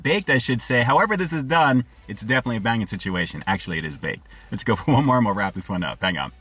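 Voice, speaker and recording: A man reviewing fast food for his channel, upbeat and slangy, talking straight to his viewers. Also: medium pitch, lively intonation, fairly bright tone, slightly rough. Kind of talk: casual food review vlog.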